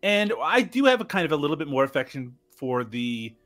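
Guy from newfoundland guesting on a podcast, chatty, dry jokey, slightly high voice. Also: very animated, a little fast, fairly bright tone. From Newfoundland, Canada. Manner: wry, dry jokes, chatty. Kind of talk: casual film review chat.

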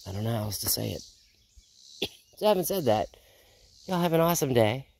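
A woman vlogging outdoors in her backyard garden. She rambles in a casual, unhurried way, sounds a little out of breath, and feels unwell. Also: a bass voice, very animated, gravelly, a little mellow. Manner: rambling, unhurried, with repeated sign-offs. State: feeling unwell. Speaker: homestead vlogger. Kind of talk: casual chat.

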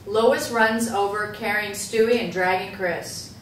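During a script table read, a woman narrates the stage directions briskly and matter-of-factly in a steady, medium-pitched voice. The mic is far from her, so she sounds echoey, with faint hiss in the room.

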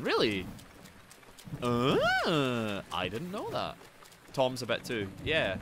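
Lively Glaswegian man streaming. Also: medium pitch, unhurried, over music. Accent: Glaswegian Scottish. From Scotland. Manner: boisterous, swears freely, riffs in silly voices. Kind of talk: casual chat with viewers while gaming.

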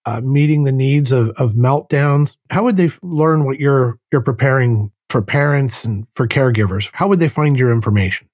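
Male podcast host, measured and thoughtful delivery, mid-range voice, slightly muffled recording. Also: medium pitch. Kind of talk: podcast interview.

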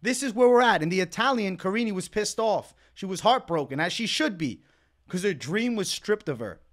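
Angry ranting high-voiced man. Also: lively intonation, normal speed, fairly bright tone. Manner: indignant ranting, repeats words for emphasis. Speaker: MMA commentator. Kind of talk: angry reaction commentary.

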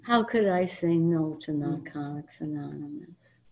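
An older woman from New York gives a personal testimony at a convention. She tells her story in a blunt, emphatic and animated way, and she acts out the lines of the people she quotes. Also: sits low, measured pace, gravelly, poor audio. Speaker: speaker at a recovery convention. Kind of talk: personal testimony to a live audience. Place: convention meeting room before an audience.

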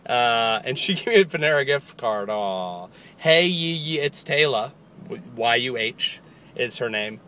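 A man vlogging casually outdoors, rambling excitedly about birthday gifts and giggling often. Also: mid-range voice, measured pace, a little hiss or hum. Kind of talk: casual chat. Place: outdoors near a parking lot.

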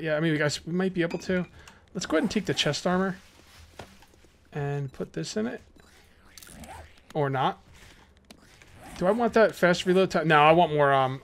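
A young adult man giving casual let's-play commentary as a gaming YouTuber, chatty and excitable, full of rambling asides. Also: a little high.

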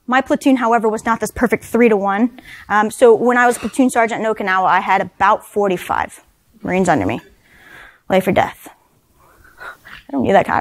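A woman in her thirties giving a leadership talk at a conference, speaking conversationally with lots of "right?" tag questions and dry self-deprecating humor. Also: medium pitch. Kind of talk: leadership talk to a live audience. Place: conference session room.

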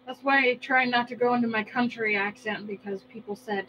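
A woman's voice: on the high side, steady tone, fairly quick, bright, forceful tone. A woman chatting while cooking, teasing her friend in a dry, matter-of-fact way. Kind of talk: casual chat while cooking. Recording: slightly dull sound with faint hiss.

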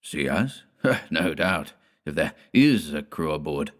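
A man voicing a sober, steady older lighthouse chief who speaks dryly, in an audiobook horror story. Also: extremely low pitch, takes it slowly, voice pushed down, full character voice. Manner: sober, dry, matter-of-fact.

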